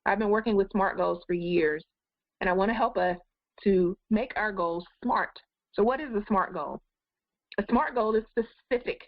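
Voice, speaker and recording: A woman life coach hosts a live goal-setting webinar, encouraging viewers and addressing them directly. She has a medium-pitched voice at normal speed, and the webcam sound is muffled and dry with no room echo.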